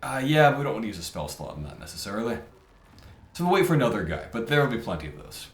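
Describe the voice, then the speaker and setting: A man's voice: medium pitch, big pitch swings, fast. A man casually commentating a video game, thinking aloud and muttering over his tactics as he plays. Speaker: gameplay commentator. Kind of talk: casual let's-play commentary. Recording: roomy mic with game music behind.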